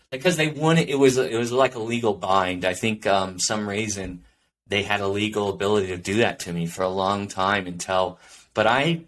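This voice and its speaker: A lower-voiced man talks alone on his podcast. He rambles earnestly and reflectively, piling up fillers and restarts as he goes. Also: normal speed, fairly bright tone. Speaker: podcast host. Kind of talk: solo podcast monologue.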